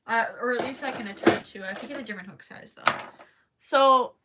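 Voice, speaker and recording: A woman's voice: fairly high pitch, fairly quick, heavy background noise. A young woman hosting a casual crochet livestream, chatting to viewers, apologizing often and giggling as she thinks aloud.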